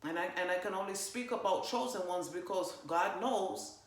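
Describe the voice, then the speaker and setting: A woman giving a casual spiritual monologue, swearing freely and talking with emphatic, animated energy. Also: on the low side, normal speed. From parents from Jamaica. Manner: profane, animated, emphatic, fillers. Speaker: spiritual channeler vlogger. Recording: roomy echo.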